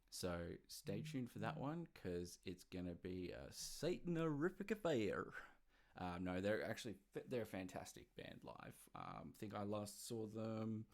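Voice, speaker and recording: An Australian man hosting a podcast, reading music news in a rambling, casual way with self-deprecating asides into a desk mic. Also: deep voice. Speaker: podcast host. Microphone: desk mic with webcam.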